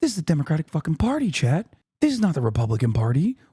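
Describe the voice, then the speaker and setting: A man in his thirties vents at his stream chat, exasperated and full of profanity. His tone is dark and mellow, held back so he does not wake a neighbor. The sound is dry and close, with no room around it. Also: on the high side, huge pitch swings, quick pace, husky, no room sound. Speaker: streamer reacting to a speech. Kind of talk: heated live-stream commentary.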